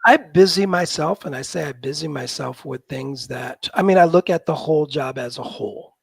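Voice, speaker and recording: A Midwestern American man in his fifties, a college football general manager, chats as a guest in a casual interview, telling rambling, self-deprecating stories full of restarts. His voice is fairly high and creaky with a breathy edge, at normal speed, with no echo.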